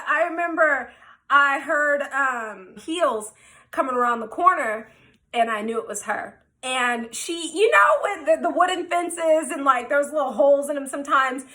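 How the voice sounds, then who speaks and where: A woman telling a wild personal story in a casual, animated, profane way, acting out what everyone said. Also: sits high. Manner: animated, profane, quoting herself.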